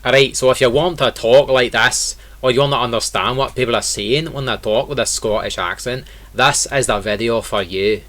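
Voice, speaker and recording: A man's voice: medium pitch, fairly even intonation, fairly quick, few pauses, fairly bright tone. A man teaching an online lesson in a casual way, explaining step by step and repeating example words. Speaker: accent teacher.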